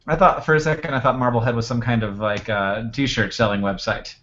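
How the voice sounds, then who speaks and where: A man hosts a live stream, chatting casually with frequent restarts and dry jokes. His voice is mid-pitch and comes through a little dull and lo-fi. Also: fairly even intonation, fairly bright tone. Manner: halting, joking. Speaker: host.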